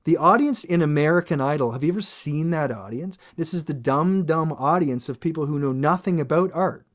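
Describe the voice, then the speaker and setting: A man hosting a podcast, a singer talking in a casual, animated monologue, swearing freely and acting out quoted voices. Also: fairly high pitch, a little fast. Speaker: podcast host.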